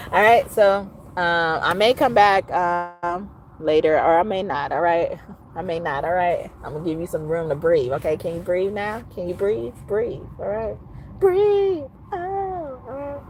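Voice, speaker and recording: A woman tarot reader, signing off to her viewers in a lively way that swings between teasing and aggravated. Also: low-pitched, a little hiss or hum. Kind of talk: casual sign-off monologue to viewers.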